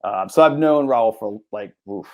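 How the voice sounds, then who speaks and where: A man's voice: fairly low pitch, lively intonation, normal speed, a little mellow. A man talking as a guest in a casual interview, rambling and acting out what people said to him. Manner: rambling, acts out quoted talk. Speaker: guest, comic publisher.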